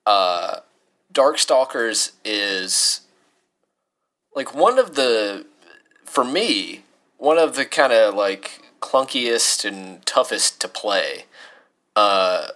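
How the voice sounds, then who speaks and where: A man's voice: on the low side, lively intonation, very slow, long pauses, sharp tone. A man co-hosting a casual podcast, joking around and reading listener questions aloud. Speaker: podcast co-host. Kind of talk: casual chat.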